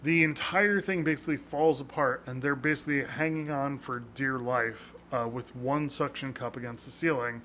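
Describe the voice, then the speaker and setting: A man's voice: medium pitch, steady tone, normal speed, hardly any pauses, sharp tone, a little hiss or hum. A man co-hosting a casual podcast, rambling with lots of fillers and frequent laughter. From North America. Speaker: podcast co-host.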